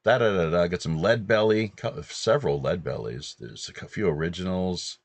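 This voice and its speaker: A man in his fifties from British Columbia, hosting and rambling through a relaxed anecdote. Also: deep voice, moderate pace, no room sound. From British Columbia, Canada. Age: 50s. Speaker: host. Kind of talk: casual anecdotal chat.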